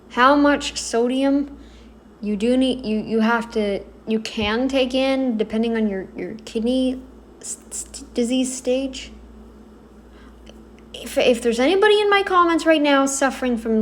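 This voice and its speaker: A woman giving casual reaction commentary, halting and self-correcting, blunt and exasperated in her opinions. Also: high voice. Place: home, kneeling then seated.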